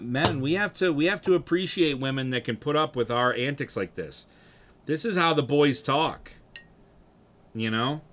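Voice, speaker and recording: With a mid-range voice, this young man drinks on stream and talks casually with his viewers, swearing and rambling as he shifts between loud outbursts and mumbles.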